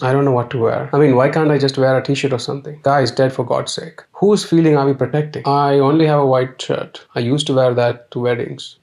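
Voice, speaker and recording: A man with a gravelly, creaky voice tells dark jokes in a flat, deadpan way. His pitch sits in the middle, and the delivery stays dry and unbothered throughout. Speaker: comedy narrator. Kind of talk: deadpan comedic monologue.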